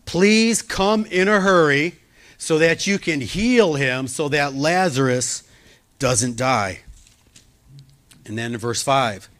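A male pastor preaching a sermon, lifting his voice for quoted pleas and dropping it soft and low to comfort. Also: takes it slowly.

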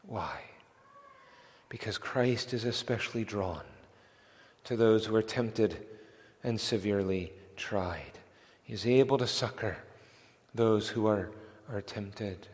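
A man's voice: on the low side, takes it slowly, long pauses, darkish tone. A man preaching a sermon, earnest and emphatic, often restarting phrases as he builds intensity. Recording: long reverb of a large hall.

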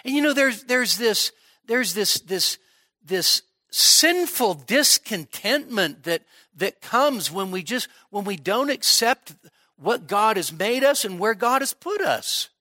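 Emphatic high-voiced male preacher, dry sound. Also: lively intonation, slow, sharp tone, no room sound. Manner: emphatic, repeats words while building a point. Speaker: pastor. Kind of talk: expository sermon. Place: church midweek service.

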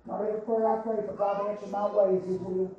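Preacher guy, real high voice, shouts then goes quiet, dull far-off church recording. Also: little pitch movement, fast talker, heavy reverb, slight background noise. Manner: impassioned preaching, swinging from shouted cries to hushed low talk. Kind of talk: sermon. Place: church sanctuary.

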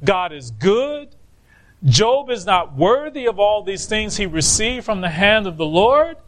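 A male preacher with a high voice delivers a sermon at an unhurried pace. He lands on his main points with emphatic, drawn-out stresses. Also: big pitch swings, slight background noise.

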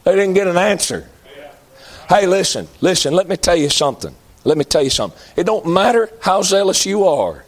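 A man's voice: high-pitched, very animated, a little fast. A man preaching a sermon in an emphatic, folksy way, repeating lines for effect.

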